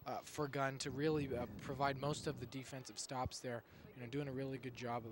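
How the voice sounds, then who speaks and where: A young man adds color commentary at a school soccer game, pausing and restarting often as he talks. His voice is caught outdoors, with clear background noise from the field around him. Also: mid-range voice, flat delivery. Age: young adult. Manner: hesitant, many uhs and restarts. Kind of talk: live sports commentary.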